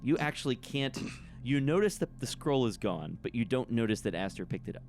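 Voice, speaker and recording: A man running a tabletop game as game master, narrating scenes and calling for dice rolls in a relaxed way. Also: medium pitch, fairly quick, music in the background.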